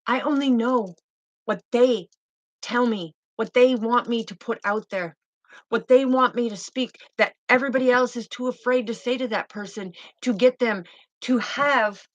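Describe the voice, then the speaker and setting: A woman's voice: on the high side, moderate pace, dry recording, dull audio. A woman speaking as a spiritual healer, fervent and insistent, who repeats her key phrases and speaks bluntly. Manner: blunt, swears now and then. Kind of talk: emphatic spiritual monologue.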